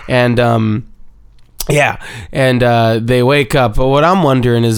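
A man's voice: medium pitch, unhurried, clean tone. A man giving a casual, rambling episode recap, full of swearing and playful repetition.

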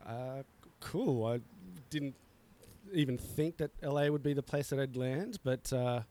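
A man's voice: medium pitch, moderate pace, dark tone. A middle-aged man, a coffee roaster, talking in a laid-back way with frequent chuckles and fillers on a casual podcast recorded outdoors.

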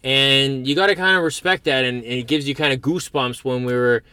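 Bright-voiced Canadian man. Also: medium pitch, steady tone, brisk, clear, resonant tone, no echo. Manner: stammering restarts, easygoing. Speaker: guest, host's brother. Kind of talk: casual conversation.

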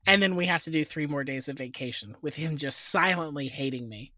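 A woman's voice: deep voice, brisk, sharp tone, no room sound, studio quality. A woman co-hosting a comedy podcast, telling rambling, self-deprecating stories. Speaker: podcast co-host.

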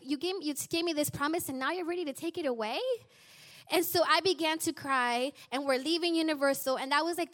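A woman in her forties telling a personal testimony to a church congregation, animated and acting out the people she quotes. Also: high-pitched. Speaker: church speaker sharing a testimony.

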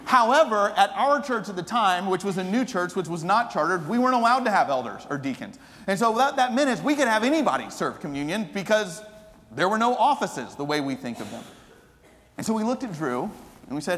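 A man preaching a sermon with a somewhat high voice. He tells a story, swinging between lively emphasis and quiet earnestness. His voice rings out with a long reverb, as in a church sanctuary. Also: fast. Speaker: pastor.

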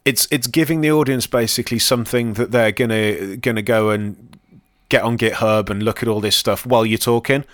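A man's voice: medium pitch, fairly quick, no room sound, clean studio sound. A man co-hosting a podcast, chatting casually and rambling with plenty of ums and self-deprecating asides. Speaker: podcast co-host and conference speaker.

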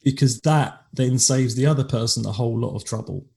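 A man's voice: medium pitch, a little fast, gravelly, a little mellow. An English man co-hosting a podcast in casual chat, rambling with lots of restarts. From England. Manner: chatty, rambling, with frequent restarts. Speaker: podcast co-host.

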